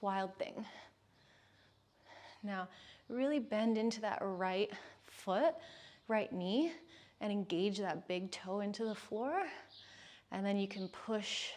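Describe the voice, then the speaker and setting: A woman yoga instructor calmly cueing breaths and poses through a guided class. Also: mid-range voice, takes it slowly, pauses often.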